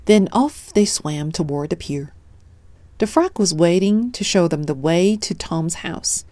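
Woman narrator for a kids' picture book, slow and expressive, mellow, dry close sound. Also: on the low side, no room sound. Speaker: storybook reader. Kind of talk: read-aloud children's story narration.

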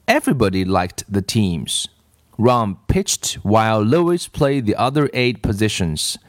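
A man reading a children's storybook aloud with expressive narration. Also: fairly low pitch, slow, no room sound, clean studio sound.

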